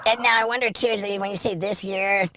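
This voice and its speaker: A man's voice: high voice, fairly even intonation, fairly quick, sharp tone, a little hiss or hum. A man hosting a casual podcast, brash and joking, swearing freely. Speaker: podcast host.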